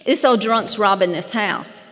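A woman in her fifties tells her personal story at a recovery meeting, her medium-pitched, slightly bright voice moving at a measured pace. It's personal testimony told as humorous storytelling, folksy and self-deprecating, with chuckling asides, and the recording carries a long hall reverb.

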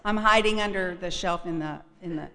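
A woman shares her story with a live audience, wry and frank, with a confiding tone. Her voice is bright and forward. The sound rings with the long echo of a hall. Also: on the low side, a little fast. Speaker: speaker sharing a recovery story. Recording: echoey hall.

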